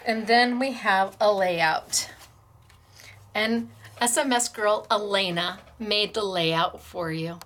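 A middle-aged woman hosting a craft class from her store, gushing and emotional over handmade gifts, laughing often and talking slowly and fondly. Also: mid-range voice, a bit bright. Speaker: craft store owner and host. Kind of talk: unboxing and showing crafts on a class video.

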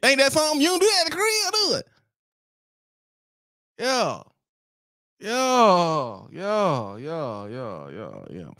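A man's voice: high voice, a bit bright, dry recording, clean studio sound. A man, ranting on his livestream in a brash, teasing way and breaking into laughs. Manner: brash, teasing, laughs often, apologizes mockingly. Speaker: livestream host. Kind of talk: casual livestream rant.

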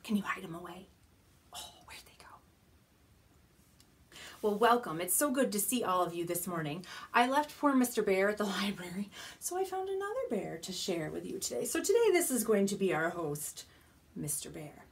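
A woman children's librarian leading a baby storytime from a small home studio, gentle and animated, often dropping to soft whispers. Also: mid-range voice, a little fast. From United States. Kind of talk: baby storytime with rhymes and songs.

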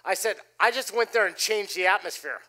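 A middle-aged man preaching a sermon, telling a personal story with animated delivery and dropping his voice low for quoted lines. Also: brisk. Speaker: pastor. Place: church stage before a congregation.

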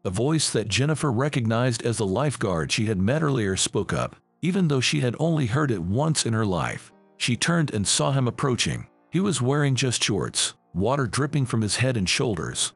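Male narrator for scripted story, gravelly, husky, lively pitch. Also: normal speed, hardly any pauses, no echo, faint music behind.

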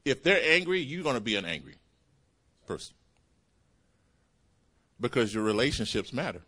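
A man preaching a sermon as pastor, calling out hallelujah and praise the Lord as his pitch swings up and down. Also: very animated, normal speed, sharp tone, husky. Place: church sanctuary.

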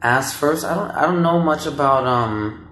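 A man's voice: fairly high pitch, measured pace, a bit bright. Laid-back male guest, joking, casual chat; roomy echo. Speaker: guest, yoga teacher. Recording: roomy echo, faint noise.

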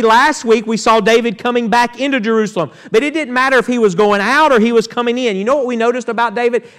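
In a church sanctuary, a male pastor with a high, slightly bright voice preaches a sermon. He reads Scripture and calls out to the congregation.

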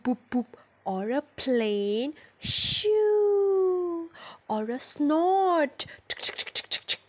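A woman voicing a tiny lost baby bird in a storybook read-aloud, with a high, squeaky, pleading childlike voice. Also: a little mellow, full character voice.

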